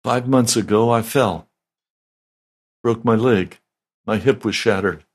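An older man, a pastor, giving a slow, deliberate, conversational sermon. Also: on the low side, breathy edge.

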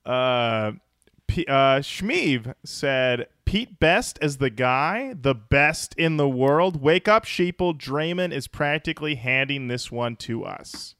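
A man co-hosting a podcast in a relaxed, joking manner, reading out listener comments and riffing on them. His voice sits at an ordinary middle pitch and sounds close and dry, with no room around it. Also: slow pace, clean tone, no room sound. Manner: reads listener comments aloud with jokey asides. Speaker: podcast co-host. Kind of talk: casual comedic chat.

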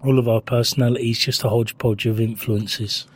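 A man's voice: medium pitch, flat delivery, brisk, breathy edge. A man co-hosting a casual podcast, dry and laid-back in manner. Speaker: podcast co-host.

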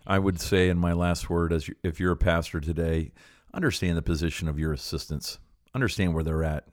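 Man, middle-aged, very low voice, earnest encouraging podcast host, filler-heavy casual talk. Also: fairly quick, no echo, studio quality.

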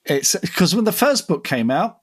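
A man co-hosting a writing podcast while mildly ill, his voice a bit husky, chatting in a rambling, self-deprecating way. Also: fairly high pitch, very animated, moderate pace. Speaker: podcast co-host and author. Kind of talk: casual podcast chat.

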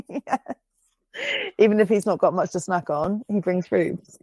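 A woman's voice: lowish voice, measured pace, dark tone, breathy edge, no room sound. A woman, co-hosting a podcast in casual chat, swearing freely and laughing often as she tells stories. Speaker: podcast co-host.

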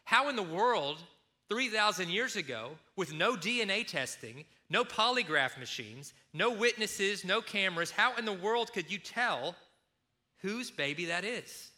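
A man preaching a sermon, retelling a story in a lively way and acting out the speakers. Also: sits high, moderate pace. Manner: storytelling, animated, acts out quotes. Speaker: pastor.

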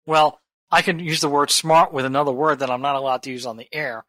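A man hosting a business podcast, with a bright, forceful tone and a dry, close sound. He trades wisecracks and teases his co-host in relaxed chat. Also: on the high side, a little fast, dry recording. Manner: teasing, wisecracking. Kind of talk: casual chat.

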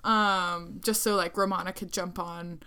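A woman's voice: lowish voice, steady tone, measured pace, bright, forceful tone, clean tone. A young woman in casual chat, giggly and rambling with lots of fillers. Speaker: vlogger.

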